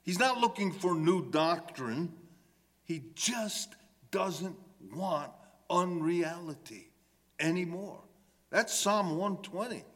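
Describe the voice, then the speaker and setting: A man's voice: fairly high pitch, lively intonation, slow pace, a bit bright. A man preaching a sermon, speaking emphatically and voicing the psalmist's pleas with rising intensity. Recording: long hall reverb.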